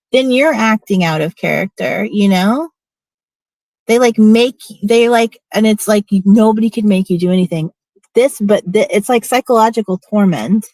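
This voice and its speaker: A woman's voice: medium pitch, darkish tone, dry recording, rough recording. A middle-aged woman venting casually in a rambling storytime, blunt and profane, restarting her sentences often. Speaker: vlogger.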